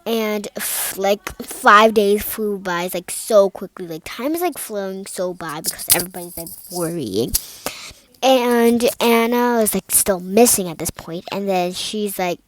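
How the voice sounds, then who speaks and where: Young woman, slow unhurried talk, casual rambling storytelling, lots of fillers and restarts. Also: mid-range voice, a little hiss or hum, rough recording.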